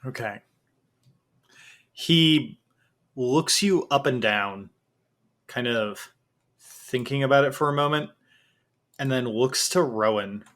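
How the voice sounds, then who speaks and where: A man's voice: medium pitch, slow pace, pauses often. Laid-back man running a tabletop game. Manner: relaxed, laughing, meandering. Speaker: game master.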